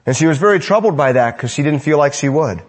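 A husky-voiced man talks fast and animatedly through an evening sermon. His lines rise to emphasis and fade into hushed, low endings, with phrases repeated for effect.

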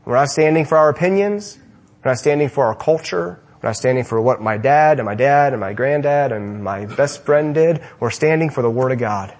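Speaking at medium pitch and a moderate pace, a young man delivers a sermon to men. He presses emphatic rhetorical questions again and again, shifts between loud and soft passages, and finishes with a prayer.

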